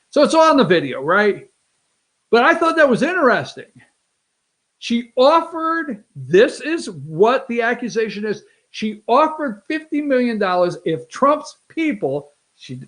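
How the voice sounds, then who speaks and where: A man hosting a political talk show, brash and excitable, with sarcastic asides. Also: high voice. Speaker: show host. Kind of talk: animated political commentary.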